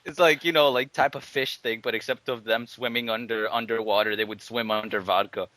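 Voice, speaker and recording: A man's voice: mid-range voice, fairly even intonation, fairly quick, pushed and bright, no room sound, poor audio. A man in casual comedic chat, spinning absurd scenarios and laughing a lot.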